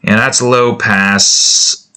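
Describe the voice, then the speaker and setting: This man's voice is lowish and steady, very slow, with a sharp, clear, resonant tone. A game dev vlogger, he chats casually to himself as he edits sound effects, wandering off topic, breaking off mid-thought, and chuckling.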